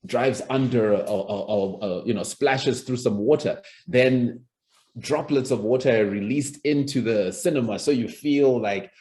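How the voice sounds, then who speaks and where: A man with a fairly low, unhurried, darkish voice leads an online lesson on presentation skills as a public speaking coach. He keeps it conversational, restarting often and demonstrating lines by acting them out.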